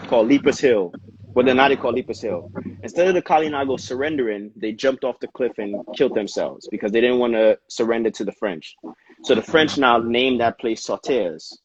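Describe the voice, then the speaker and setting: A man in casual conversation, spinning a story with loose, slangy energy and a mid-range pitch. The audio is slightly dull and lo-fi, with a faint hiss of noise underneath. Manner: slangy, animated storyteller, frequent "yo" and "you know what I mean". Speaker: dancer and podcast co-host.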